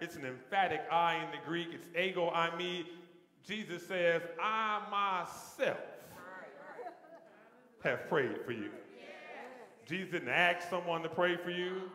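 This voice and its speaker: A man's voice: sits high, a bit bright, roomy sound, big-room sound. A man preaching as the pastor of a church, building his sermon with repeated phrases that swell in intensity. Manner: preaching with rising call-and-response intensity. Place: large church sanctuary.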